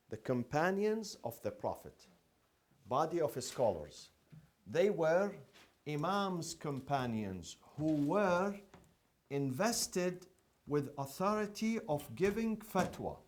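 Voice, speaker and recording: Lively male teacher quizzing a class. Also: a little high, slow. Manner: asks the class questions and repeats key terms. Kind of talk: classroom lecture.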